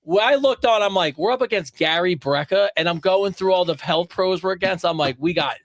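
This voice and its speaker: Man, podcast co-host, slightly high voice, dry close sound, laid-back chatter. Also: brisk, no echo. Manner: relaxed, frequent "yeah" and "like" fillers. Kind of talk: casual chat.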